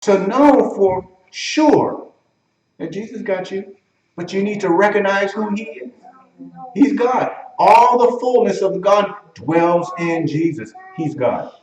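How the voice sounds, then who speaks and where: A man's voice: high-pitched, animated, a little slow, distant mic, dull audio. Echoey, off-mic man preaching a teaching sermon. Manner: conversational, questions the congregation, acts out quotes. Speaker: pastor. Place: church sanctuary.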